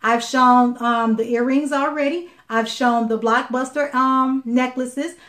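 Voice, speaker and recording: A chatty woman with a fairly high voice shows off jewelry on a live video stream. She repeats herself and fills pauses with ums as she talks close to a phone or webcam. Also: steady tone, a bit bright. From Chicago, Illinois.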